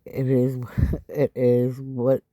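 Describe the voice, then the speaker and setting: A woman talks through a craft tutorial in a raspy, low, tired voice that sounds a little stuffy. Her tone is mellow and dark, and she takes her time, chatting and adding asides between steps. The recording is dry, with almost no room sound. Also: completely flat delivery, extremely slow, no room sound. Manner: chatty, explaining step by step with frequent asides. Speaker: craft channel host.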